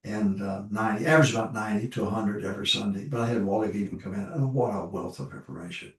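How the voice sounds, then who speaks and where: Older pastor, roomy and distant. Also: male voice, fairly low pitch, quick pace. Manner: folksy storytelling, repeats points with emphasis. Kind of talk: informal ministry talk. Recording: roomy echo, voice from far off the mic.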